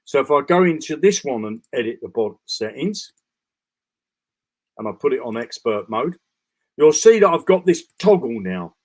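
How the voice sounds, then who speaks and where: A man's voice: mid-range voice, very animated, normal speed, darkish tone. A man walking through a trading bot dashboard during a live screen-share broadcast, talking casually with restarts, fillers and frequent "okay?" checks. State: tired, yawning. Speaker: crypto trading bot presenter.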